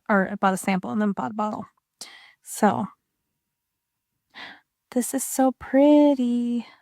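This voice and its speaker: A woman's voice: mid-range voice, darkish tone, no echo, studio quality. A woman chatting casually and rambling a little while she swatches inks, with self-deprecating asides. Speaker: ink and art video creator.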